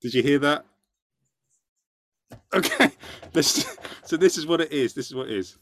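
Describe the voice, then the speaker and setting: A man's voice: on the high side, expressive, unhurried, fairly bright tone, a little hiss or hum. A man from London with a London accent, hosting a podcast in a jokey way with frequent laughs. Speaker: podcast host. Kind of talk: casual chat.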